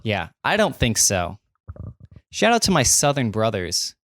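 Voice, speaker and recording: A man's voice: on the low side, wildly swooping pitch, unhurried, a bit bright, dry recording, studio quality. A young man co-hosting a podcast in casual chat, laid-back with crude joking banter. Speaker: podcast co-host.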